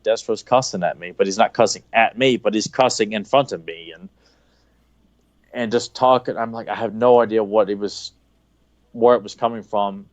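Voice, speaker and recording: A man's voice: mid-range voice, dry recording, highs cut off. A man on a podcast telling a long, rambling anecdote in casual chat, with frequent restarts. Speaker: podcast co-host.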